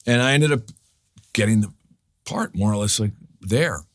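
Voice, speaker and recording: A man from New York telling animated, profane stories as a guest in a casual interview, acting out the people he quotes. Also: fairly low pitch, normal speed. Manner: animated, profane, restarts a lot, acts out quotes. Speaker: guest actor.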